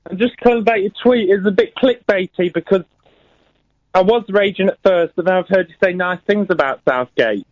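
A man's voice: high-pitched, fairly quick, no room sound. A male caller on a radio phone-in who argues about football in a put-on camp manner, calling the host honey. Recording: dull phone line.

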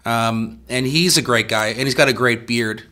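Playful rambling man, bright tone. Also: medium pitch, normal speed. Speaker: band member, guest. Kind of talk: casual interview chat.

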